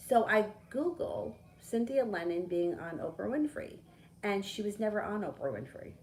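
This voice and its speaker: A middle-aged woman who reads tarot chats casually on a live stream, telling a story peppered with lively, swearing asides. Her voice is medium in pitch and unhurried, and the audio quality is poor.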